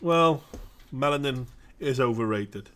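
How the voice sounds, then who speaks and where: A man's voice: mid-range voice, expressive, measured pace, fairly bright tone. A middle-aged Dutch man with a Dutch accent who hosts a casual talk and answers viewers by name. He speaks bluntly and with emphasis, and sometimes stops to search for a word. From Netherlands. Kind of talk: casual opinionated monologue.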